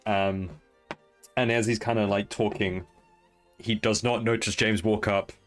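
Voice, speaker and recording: A man narrating as game master for a tabletop game, relaxed and full of fillers. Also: lowish voice, a little slow, faint music behind. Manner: relaxed, with filler-heavy asides.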